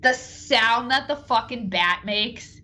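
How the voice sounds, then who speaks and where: A woman co-hosting a podcast in casual chat, talking in an excited, profane and rambling way. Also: on the high side, slow pace. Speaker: podcast co-host.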